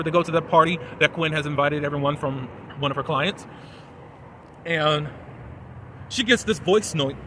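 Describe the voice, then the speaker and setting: A man giving a chatty, animated recap and commentary on a TV episode, full of fillers, recorded outdoors in a city. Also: a little high, slight background noise. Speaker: TV episode reviewer.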